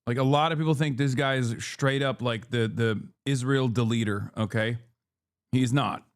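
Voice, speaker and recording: A man's voice: mid-range voice, steady tone, moderate pace. A man hosting a stream, giving blunt, profane political commentary in casual chat. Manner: blunt, profane, opinionated, with fillers like "like" and "okay?". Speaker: streamer host.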